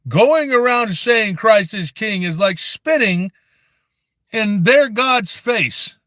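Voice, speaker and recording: A man's voice: sits high, animated, slow, a bit bright, no echo, exaggerated voice. A man voicing a preachy, forgetful old grandfather who rants, stammers and drifts into rambling asides in a satirical comedy monologue. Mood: ranting.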